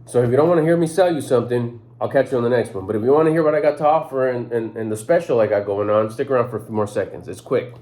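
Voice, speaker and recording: A man giving a casual direct-to-camera sales pitch as a personal development YouTuber, talking loosely in slang with frequent restarts and repeated words. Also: racing, hardly any pauses, a little mellow.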